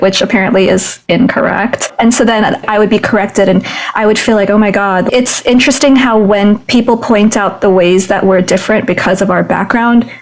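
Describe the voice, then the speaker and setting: A woman's voice: mid-range voice, low-quality recording. A woman podcast host speaking in an earnest, thoughtful way in casual conversation.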